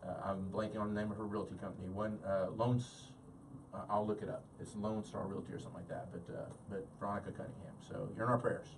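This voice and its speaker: A man, a regular show guest, talking casually with many halting filler pauses. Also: lowish voice, level tone, far from the mic, background noise. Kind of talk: casual chat.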